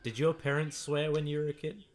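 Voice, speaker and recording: A man's voice: a little high, little pitch movement, brisk. Dry-teasing man. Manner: dry teasing, short replies. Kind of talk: casual crude chat.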